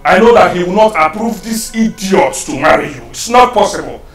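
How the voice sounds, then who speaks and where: Ranting Nigerian brother, high voice, far from mic, echoey room. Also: male voice, expressive, fairly quick, soft background music. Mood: furious. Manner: ranting, shouting accusations. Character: domineering young man, hostile and threatening. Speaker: angry elder brother. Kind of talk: film drama acting.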